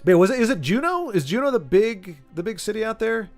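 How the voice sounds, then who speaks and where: A man's voice: high-pitched, big pitch swings, brisk, faint music behind. A man chatting casually with viewers while streaming a game, rambling and stumbling over his words. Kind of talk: casual live-stream chat while gaming.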